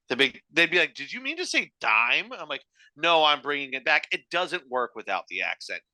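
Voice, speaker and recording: A young man co-hosting a podcast, his voice very bright and his pitch swinging widely. He talks in an animated, jokey way and swears freely. The sound is dry and close, with no room around it. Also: brisk, dry recording. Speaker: podcast co-host. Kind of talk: casual chat.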